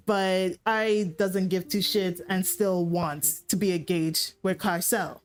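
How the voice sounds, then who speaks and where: A woman's voice: fairly low pitch, steady tone, slow, few pauses, faint music behind. A woman streamer casually retelling a story, rambling, swearing and laughing.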